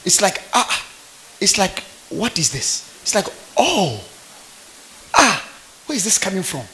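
A man's voice: high voice, huge pitch swings, takes it slowly, pushed and bright, slight background noise. A man preaching a fervent conference sermon, throwing call-and-response questions to the congregation. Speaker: pastor. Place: church conference.

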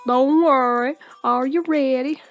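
A friendly farm uncle from a video game, drawling his words slowly, as a woman reads him. The voice stays high and light despite the drawl. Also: steady tone, soft background music. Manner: slow drawl.

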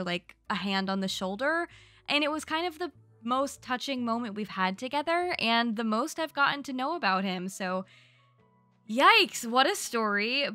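Young woman, gaming vlogger, slightly high, crisp and dry, chatty storyteller. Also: no room sound. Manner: chatty, gushing, animated storytelling. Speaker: gaming YouTuber. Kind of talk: narrated gameplay recap.

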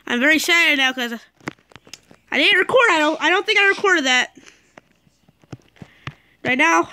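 A woman giving casual, excitable commentary while playing a game, with dramatic outbursts and mock sulking. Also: high voice, normal speed, long pauses. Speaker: gameplay commentator.

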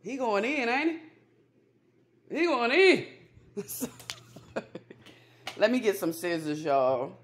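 A woman in a casual home remedy vlog, chatty and folksy, calling viewers baby and y'all, slowing down whenever she reads from her notes. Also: fairly high pitch, sing-song. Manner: slows down when reading from notes. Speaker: holistic healer vlogger. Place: home kitchen and backyard garden.

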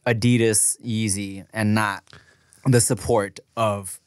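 A man's voice: fairly low pitch, flat delivery, slow, clean tone, no room sound, studio quality. A man co-hosting a podcast, chatting casually, laughing and slipping into sing-song storytelling. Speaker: podcast co-host.

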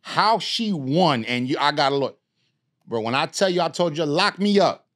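A man's voice: on the high side, moderate pace. A middle-aged man, telling a story in a casual podcast chat, streetwise and profane. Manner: animated, streetwise storytelling with swearing. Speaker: podcast guest.

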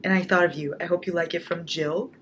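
Young woman book vlogger, gushing and excitable, slightly low voice, audible background noise. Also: fast. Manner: gushing, excitable, reads notes aloud. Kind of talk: casual unboxing chat. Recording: noisy home recording.

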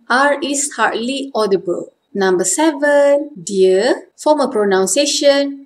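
A Malaysian woman with a slightly high voice teaches vocabulary in a steady lesson. She says each word slowly and repeats it carefully. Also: slight background noise. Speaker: language teacher.

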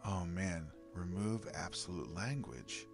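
A man with a very deep, creaky voice reads self-help tips aloud slowly but animatedly, breaking off for frank, casual commentary between them. He sighs and laughs along the way in this vlog, with soft music faintly in the background.

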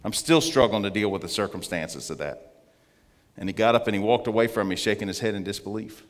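A man giving an earnest testimony as a guest speaker in church, slowing down to stress his points. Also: lowish voice. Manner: earnest storytelling, slowing for emphasis. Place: church sanctuary. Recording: long church reverb.

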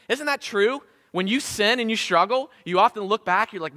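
A man's voice: high-pitched, very animated, normal speed, bright, forceful tone, big-room sound. A man preaching a sermon in a church, impassioned, with emphatic repetition and rhetorical questions. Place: church sanctuary.

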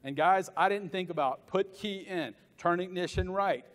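Middle-aged Southern keynote speaker, animated and jokey, voice a touch high, recorded in a big reverberant hall. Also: male voice, moderate pace. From American South. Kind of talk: motivational conference talk. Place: large conference hall.

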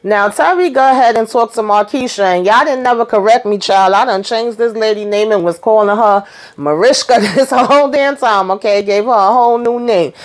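A woman's voice: fairly high pitch, moderate pace. A woman hosting her own channel, giving a chatty, slangy recap of a TV episode and acting out the characters' lines as she goes.

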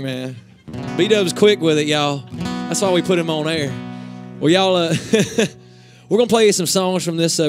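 Easygoing Southern country singer. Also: male voice, medium pitch. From Northeast Georgia, USA. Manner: joking, rambling, easygoing. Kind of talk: casual on-stage banter. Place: radio station lounge.

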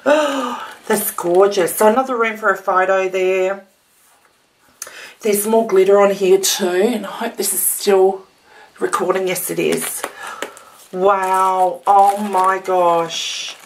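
A woman's voice: mid-range voice, slow pace, a little hiss or hum. A woman from Australia opening a handmade craft gift in a casual vlog, gasping and gushing over every detail.

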